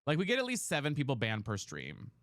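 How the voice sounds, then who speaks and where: A man hosting a livestream, chatting casually and playfully with viewers while sleepy, on a boom mic at his home setup. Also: huge pitch swings, fast talker, a bit bright, no echo, clean studio sound. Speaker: livestream host. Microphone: boom mic on a mic arm.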